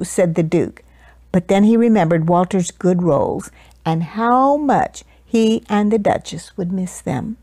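A woman reading a children's picture book aloud with expressive storytelling. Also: medium pitch, a little slow, no echo.

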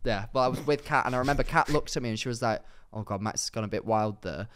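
A man's voice: mid-range voice, fast, smooth. A man in his twenties co-hosting a podcast, chatting casually and expressively, swearing and acting out what people said. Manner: expressive, swears freely, acts out quotes. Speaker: podcast co-host. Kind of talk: casual chat.

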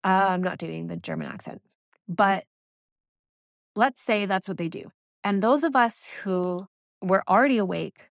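A woman's voice: medium pitch, measured pace, gravelly, pauses often, no echo, clean studio sound. A woman hosting a spiritual solo podcast, talking earnestly and rambling with frequent filler words. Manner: earnest, rambling, with many "you know" and "like" fillers. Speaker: podcast host.

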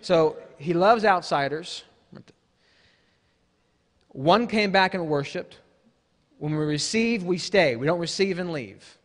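Man, guest preacher, fairly high voice, emphatic sermon with casual asides, long church hall echo. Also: expressive, takes it slowly, pauses often. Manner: emphatic, rises to shouts, conversational asides.

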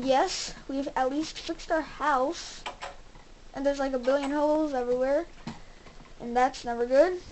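A young woman hosting a gaming channel, giving casual commentary as she plays and talking excitedly to her viewers. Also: high voice, slight background noise, poor audio. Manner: excitable, exclaims and talks to viewers.

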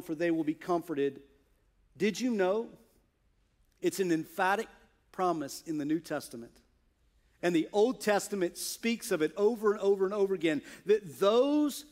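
A male pastor preaching a sermon in church, earnest, moving from hushed asides to emphatic, stressed points. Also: high voice.

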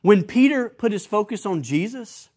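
A male pastor preaching a sermon, building to emphatic peaks, repeating key phrases and letting line endings fall soft and low. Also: animated, normal speed, husky.

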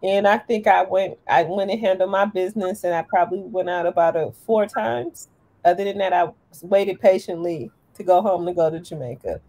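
A woman on a casual panel who tells her stories in a lively way, calling out to listeners. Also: lowish voice, normal speed. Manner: lively storyteller, addresses listeners as y'all. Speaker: panelist living abroad.

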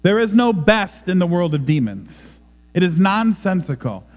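A man's voice: high-pitched, big pitch swings, moderate pace, big-room sound. A man preaching a sermon in a church, emphatic and dramatic. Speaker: pastor. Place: church sanctuary.

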